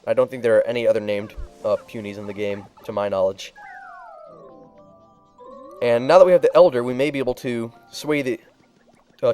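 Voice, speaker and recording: A man commenting casually on a game playthrough, thinking aloud with hesitant pauses. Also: medium pitch, a little mellow. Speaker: let's play commentator.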